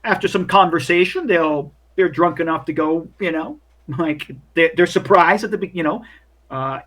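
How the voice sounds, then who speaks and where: A man's voice: a little high, moderate pace, a bit bright. A man narrating as game master in a casual, rambling way with many fillers.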